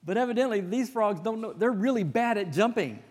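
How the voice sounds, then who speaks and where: A man's voice: sits high, lively intonation, fairly quick, darkish tone. A male pastor giving a conversational sermon, telling folksy stories with self-deprecating asides. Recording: long reverb of a hall.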